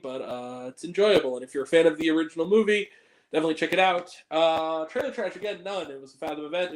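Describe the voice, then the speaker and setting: A man hosting a casual movie review show, rambling and profane, full of fillers. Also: sits high. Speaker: film review show host. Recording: echoey room.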